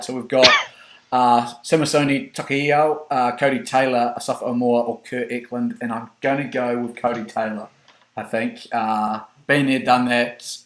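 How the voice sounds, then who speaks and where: A man hosting a casual fantasy draft chat, hesitant and repeating words as he explains his picks. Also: mid-range voice. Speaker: host.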